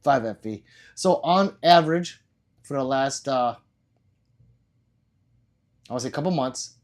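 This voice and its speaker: A man's voice: medium pitch, animated, unhurried. Rambling man chatting on a livestream. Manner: rambling, loose, swears casually. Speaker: livestream host. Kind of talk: casual livestream chat.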